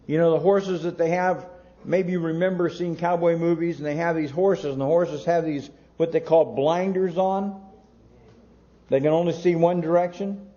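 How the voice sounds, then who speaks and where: A man preaching a sermon in a slow, emphatic way, with long pauses between words. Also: fairly high pitch, steady tone, dark tone, dull audio. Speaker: pastor.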